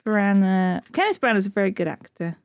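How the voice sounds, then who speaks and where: A woman co-hosts a podcast in relaxed, rambling chat. She giggles often and leans on fillers as she talks. Her voice sits mid-height, and the sound is dry and close. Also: mid-range voice, a little fast, no echo. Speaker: podcast co-host. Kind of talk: casual chat.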